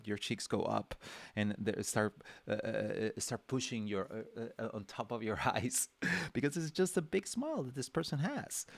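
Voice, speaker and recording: A man's voice: lowish voice, gravelly, dry recording. A man leading a livestream drawing lesson, rambling and chatty with many fillers and restarts, acting out little reactions. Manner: acts out characters' reactions with small voices. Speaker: drawing instructor.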